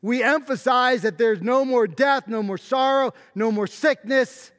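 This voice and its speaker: A middle-aged male pastor delivering a sermon, his pitch sitting high and his pace slow and deliberate. He leans hard on key words, pushing them up toward a shout. The voice carries a long hall reverb. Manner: emphatic preaching, rising to shouted stresses.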